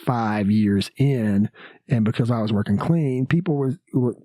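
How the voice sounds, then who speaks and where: A man's voice: mid-range voice, measured pace, mellow, no echo. A man, a comedian and podcast guest, telling a story casually with lots of fillers and acted-out quotes. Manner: anecdotal, many fillers, acts out quotes. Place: podcast studio.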